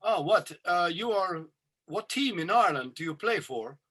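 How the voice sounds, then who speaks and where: A man voicing a Swedish driver who speaks slow, halting, broken English with a Swedish accent. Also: high-pitched, lively intonation, pushed and bright, heavily acted. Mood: puzzled.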